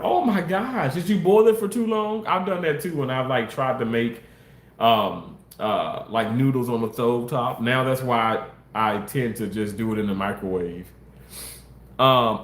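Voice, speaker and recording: A man livestreaming and reading chat aloud, making crude jokes and protesting with mock innocence. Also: fairly bright tone. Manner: voice jumps high when protesting. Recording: roomy echo.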